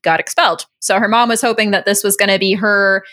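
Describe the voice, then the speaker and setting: A woman's voice: mid-range voice, fairly even intonation, fairly quick, pushed and bright. A woman co-hosting a casual podcast, chatting and laughing as she recaps an episode. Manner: chatty, laughs often, acts out quotes. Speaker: podcast co-host.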